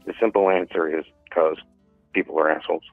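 Deep-voiced male caller on a tinny phone line. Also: steady tone, a little fast, creaky, no echo, faint music behind. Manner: hesitant, rambling with many fillers. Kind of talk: phone-in storytelling.

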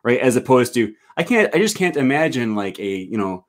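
A man hosting a live stream, talking in a loose, rambling way full of fillers as he reads viewer comments aloud. His voice sits at a medium pitch and sounds like it comes over a video call. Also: very animated, fairly quick. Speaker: host.

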